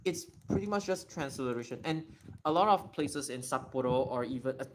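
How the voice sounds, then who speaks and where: Streamer, chatty and excitable, voice swinging widely in pitch, keys clacking faintly behind. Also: brisk, noisy background. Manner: excitable, thinks aloud while typing. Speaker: livestreamer. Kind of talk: casual livestream Q&A.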